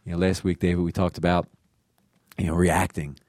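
Man, very low voice, mellow tone, casual rambling faith reflection. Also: little pitch movement, a little fast, dry recording, clean studio sound. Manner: warm, rambling, many restarts. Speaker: reflection participant.

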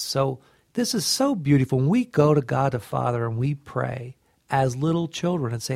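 A man's voice: medium pitch, animated, normal speed, gravelly, a little mellow, no room sound, studio quality. A middle-aged man sharing an earnest, heartfelt devotional reflection and often restarting his phrases. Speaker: co-host of a faith reflection show.

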